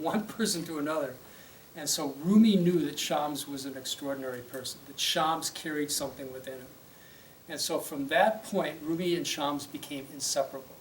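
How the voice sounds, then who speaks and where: A man, a religious teacher, telling a story in a conversational lecture with fillers and check-ins. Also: fairly high pitch. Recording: roomy, distant mic, faint noise.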